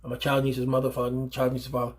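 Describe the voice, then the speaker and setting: A man's voice: mid-range voice, completely flat delivery, racing. A man, a father, giving earnest, emphatic advice to other fathers off the cuff, often repeating himself and restarting phrases. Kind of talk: unscripted advice monologue.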